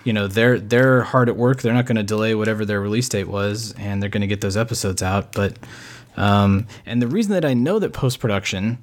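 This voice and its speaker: A man co-hosting a podcast, chatting casually and agreeably, often pausing on ums and uhs. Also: fairly low pitch. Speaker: podcast co-host. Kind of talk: casual chat.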